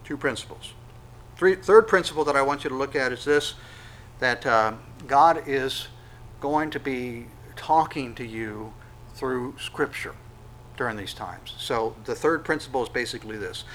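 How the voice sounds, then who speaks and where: A man preaching a sermon, conversational, with sudden loud acted-out quotes. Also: mid-range voice, a little slow, slight background noise, poor audio. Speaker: pastor.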